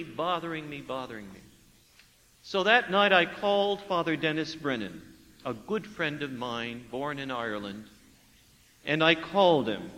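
A priest preaching a sermon, telling a story with lively acted-out dialogue and hushed asides. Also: male voice, on the high side, in a large hall, a little hiss or hum, poor audio. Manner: animated storyteller acting out dialogue, dropping to hushed tones.

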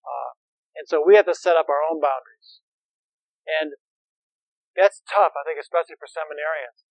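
A man's voice: a little high, normal speed, vocal fry, no room sound, muffled recording. A man who is a priest and therapist, lecturing seminarians in a conversational, anecdotal way with wry humor.

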